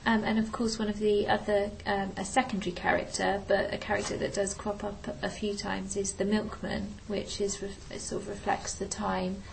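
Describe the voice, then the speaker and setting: A woman's voice: mid-range voice, little pitch movement, moderate pace, creaky, hardly any pauses, slight background noise, low-quality recording. A woman teacher adding points to a lesson discussion, hesitant with many ums. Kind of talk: recorded literature lesson discussion.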